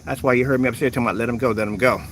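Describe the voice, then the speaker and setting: A man talking casually to his viewers from his home, rambling and animated. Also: mid-range voice, racing, slight background noise. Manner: talkative, talks softly to a rescued bird. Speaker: vlogger. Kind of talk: casual vlog talk to camera. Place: at home, indoors.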